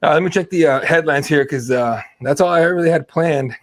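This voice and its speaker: A man's voice: a little high, brisk. A man co-hosting a casual podcast, ranting with lots of swearing and mocking impressions. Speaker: podcast co-host. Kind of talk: casual chat.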